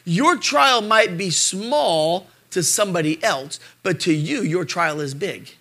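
A middle-aged man preaching a sermon in a high, very bright voice. He surges up loud, then falls back low and quiet, and slips into quick acted-out voices for the people he quotes. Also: expressive. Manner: acts out quoted voices in asides. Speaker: pastor.

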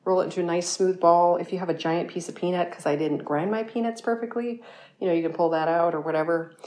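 A woman with a slightly low voice hosts a home baking show from her kitchen. She talks in a loose, chatty way, full of fillers, and corrects herself as she goes. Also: quick pace, background noise. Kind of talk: casual baking demonstration.

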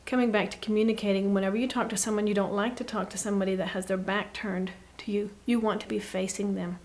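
A woman guest giving an earnest, reflective faith talk, often dropping to a soft hush. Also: mid-range voice, little pitch movement, fast. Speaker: podcast guest.

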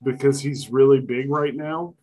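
A man's voice: medium pitch, fairly even intonation, moderate pace, darkish tone, breathy edge. A man co-hosting a podcast in casual chat, dismissive and grumbling. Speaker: podcast co-host.

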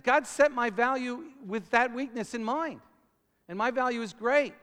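High, bright-voiced male preacher in a hall. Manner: rambling with repeated words, building to shouting. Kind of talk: sermon. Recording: long reverb of a large hall.

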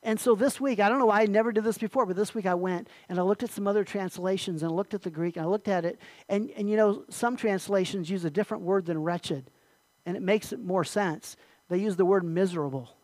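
A man's voice: high voice, normal speed, no echo, poor audio. Earnest preaching man, dry close sound. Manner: earnest preaching, repeats key phrases, clears throat. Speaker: pastor. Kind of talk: sermon.

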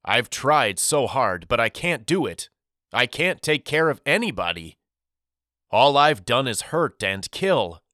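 A man's voice: medium pitch, very animated, measured pace, bright, forceful tone, no room sound, clean studio sound. A man voicing a heartbroken husband and father who pleads desperately in an audiobook, his voice breaking. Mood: pleading. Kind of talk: audiobook character voice.

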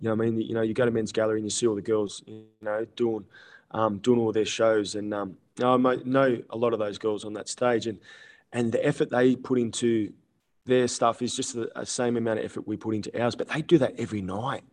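Young aussie bloke chatting loose, tons of ums and restarts. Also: male voice, on the low side, little pitch movement, fairly quick, a little mellow. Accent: Australian. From Australia. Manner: rambling with many fillers and restarts. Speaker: guest, male stripper. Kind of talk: casual podcast chat.

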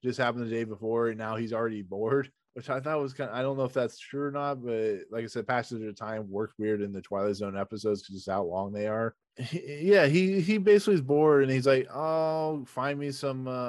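A man's voice: mid-range voice, steady tone, brisk, darkish tone, no room sound, studio quality. A man co-hosting a podcast, chatting casually and retelling scenes in quoted voices. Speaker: podcast co-host. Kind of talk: casual chat.

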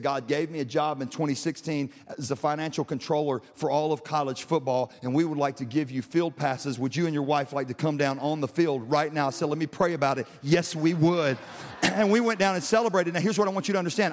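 A pastor, a man with a high voice, preaches to his congregation, moving from casual storytelling into loud, shouted passages. His throat sounds a bit strained from the shouting. His voice rings out with the long reverb of a big auditorium. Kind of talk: sermon.

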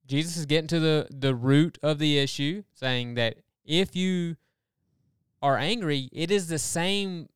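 A man talks through a Bible passage in a casual, earnest way, building his point and rushing through asides. His voice is very smooth and clear, and the recording is dry and close. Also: on the high side, no echo. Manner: earnest, explanatory, animated with quick asides. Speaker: podcast co-host. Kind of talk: casual Bible study discussion.

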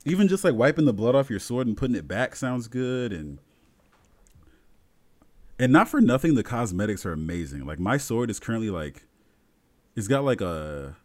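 A young man talking casually and excitedly about a video game, full of fillers and restarts. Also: medium pitch, normal speed, pauses often. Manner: excited, filler-heavy, rambling storytelling. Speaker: gamer friend in a podcast chat. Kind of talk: casual chat.

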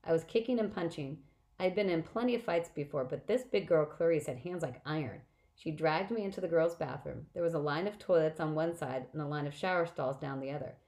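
A woman narrates a novel in the first person, steady and plain in her delivery. Her voice sits low, and small slips stay in the reading. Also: fairly quick, poor audio. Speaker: audiobook reader.

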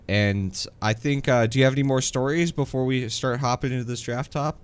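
A man's voice: medium pitch, brisk, few pauses, clear, resonant tone. A man co-hosting a casual sports podcast, talking in an easygoing way with many uh and um fillers. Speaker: podcast co-host. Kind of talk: casual chat.

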